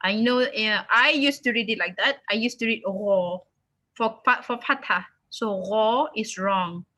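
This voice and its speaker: A woman's voice: mid-range voice, a little slow, bright, forceful tone. A woman teaching a beginners' recitation lesson online, patiently sounding out syllables and words over and over for learners to copy. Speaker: tajweed teacher.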